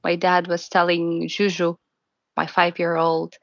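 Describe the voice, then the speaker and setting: A woman telling her own story in an interview, soft and halting, often restarting her sentences. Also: on the low side, fairly even intonation, no echo, highs cut off. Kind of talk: personal account in a documentary interview.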